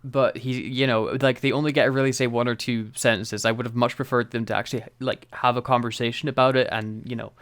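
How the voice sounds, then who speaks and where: A man co-hosting a podcast in casual chat, animated, laughing often and acting out quotes. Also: mid-range voice, fast talker, hardly any pauses, smooth. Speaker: podcast co-host.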